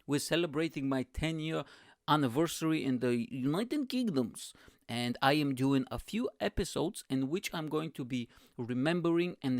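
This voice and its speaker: Joking, profane Balkan-born podcast host. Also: male voice, fairly high pitch, no room sound, studio quality. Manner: playful, profane, self-mocking. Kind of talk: comedic storytelling monologue.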